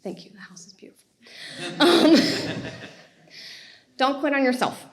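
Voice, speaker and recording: A woman, giving a motivational talk and telling her story in an animated way with laughter. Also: high-pitched, a little slow. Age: 30s. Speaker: speaker.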